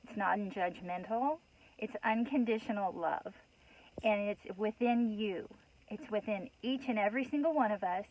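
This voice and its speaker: On a muffled recording, a woman host with a medium-pitched voice gives her viewers a heartfelt spiritual talk at normal speed. She is earnest and rambling, emotional and a bit worked up, with many restarts and "you know"s.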